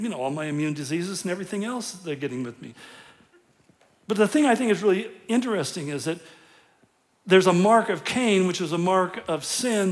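A middle-aged man preaching a sermon as pastor, conversational and self-deprecating, often chuckling at his own jokes. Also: fairly high pitch.

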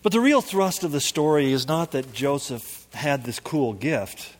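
A man's voice: a little high, sing-song, unhurried. A man giving a sermon as a pastor, telling stories in a conversational way and building up to emphatic peaks. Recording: long hall reverb.

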